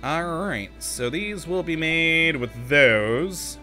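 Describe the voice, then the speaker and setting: Casting note: male let's-play host, bright, forceful voice, chatty and frustrated with the game, faint music underneath. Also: a little high, slow. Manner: talks to himself, easily exasperated, laughs often. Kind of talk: casual gameplay commentary.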